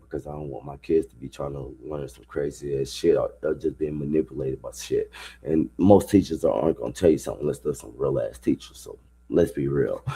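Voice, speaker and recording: A low, husky male voice in casual live reaction commentary. He rambles loosely and swears freely, with a rough, grainy edge to his tone and a deep register. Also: dark tone. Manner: loose, profane, rambling talk. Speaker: streamer reacting to a video.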